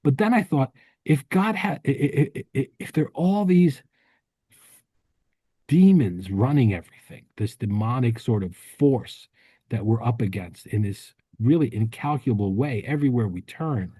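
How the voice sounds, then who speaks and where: A man co-hosting a podcast, telling a rambling story in casual chat with many restarts and quick laughs. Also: mid-range voice, mellow, husky, no echo. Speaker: podcast co-host.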